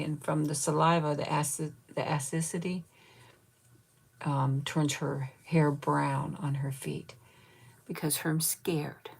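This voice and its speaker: A woman's voice: low voice, vocal fry, husky. A woman in her fifties hosting a casual live chat, cooing baby talk at her pet and thanking viewers by name. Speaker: channel host.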